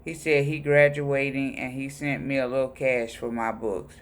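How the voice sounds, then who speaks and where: A man reading personal letters aloud in a plain, unhurried voice. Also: mid-range voice, little pitch movement, clear, resonant tone. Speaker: reader of letters.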